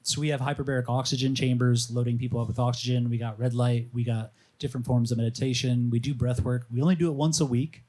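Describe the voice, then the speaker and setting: A man speaking as a fasting coach on a live panel, telling stories in a casual, animated way and acting out the voices of people he quotes. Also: medium pitch. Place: outdoor or open venue at a live panel.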